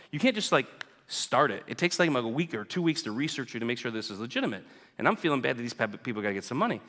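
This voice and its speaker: A man with a medium-pitched, fairly bright voice speaks as a guest at a church, recounting a personal story to the congregation. His manner is conversational, with frequent "right?" tags, and the large sanctuary gives a long echo.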